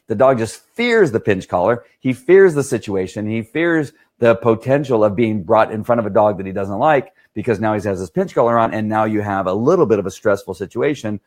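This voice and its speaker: A man, a dog trainer explaining things in a casual, rambling way and often asking "right?". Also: lowish voice.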